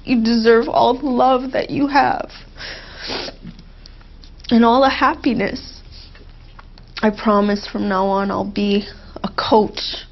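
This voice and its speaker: A woman as a therapy client, speaking in a heartfelt, halting way with emotional pauses, on a dull lo-fi recording. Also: fairly high pitch, fairly even intonation. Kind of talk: emotional therapy role-play.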